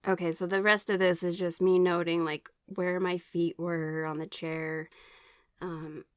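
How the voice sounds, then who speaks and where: A woman's voice: on the low side, flat delivery, a little slow, no room sound, clean studio sound. A woman telling her own experiences in a casual, rambling way, full of fillers and restarts, now and then reading from her notes. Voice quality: occasional throat clearing. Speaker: vlogger sharing personal experiences. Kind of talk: casual personal storytelling.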